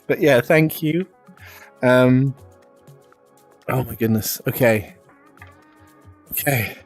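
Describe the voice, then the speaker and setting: A man's voice: mid-range voice, slow, soft background music. A British man streaming live, chatty and self-deprecating, laughing often as he talks to viewers. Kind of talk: casual live-stream chat.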